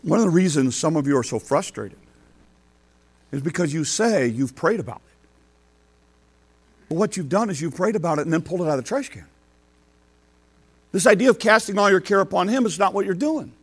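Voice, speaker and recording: An older man preaching in a folksy, storytelling way, his voice sitting a little high for a man. He acts out little quotes and swings from loud bursts down to soft asides. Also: expressive, brisk, long pauses, slightly rough. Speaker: pastor. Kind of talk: sermon.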